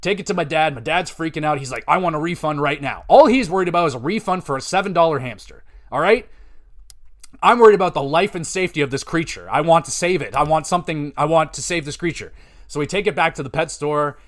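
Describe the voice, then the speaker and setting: A man, hosting a podcast and telling rambling, profane, animated stories. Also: on the high side, fast. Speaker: podcast host. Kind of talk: casual storytelling.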